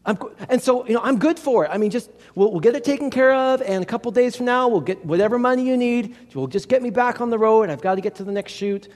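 A stranded, self-important TV makeover host, voiced by a man, boastful and flustered, pressing his own fame. The voice sits high, lifted above the teller's usual tone, with a long reverb trailing in a big hall. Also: lively intonation, quick pace, hardly any pauses, a little mellow. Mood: insistent.

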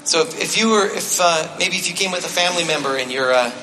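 With music in the background, a man with a slightly high voice preaches fast as pastor in a church sanctuary. He speaks conversationally, with touches of self-deprecating humor, and repeats his key phrases for emphasis. The sound carries the long reverb of a large hall.

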